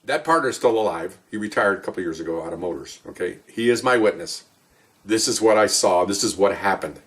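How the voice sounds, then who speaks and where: Middle-aged cop guy rattling off stories fast, chatty and rambly, kinda far from the mic. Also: low voice, lively intonation, fairly bright tone. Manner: rambling, chatty, with many asides and restarts. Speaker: police officer telling stories. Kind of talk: casual spoken storytelling.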